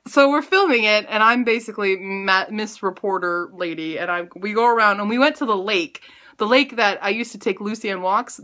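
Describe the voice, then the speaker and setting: A woman vlogger, likely in her late twenties or thirties, tells a story casually and animatedly, poking fun at herself as her pitch jumps up for emphasis.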